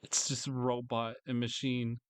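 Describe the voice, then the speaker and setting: A frustrated man in a solo vlog rant, swearing freely and circling back over the same complaints. His voice is smooth and clear, middle in pitch, recorded close and dry with no room sound. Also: flat delivery, measured pace, no room sound. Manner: bursts into higher mocking voices. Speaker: vlogger. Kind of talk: angry ranting monologue.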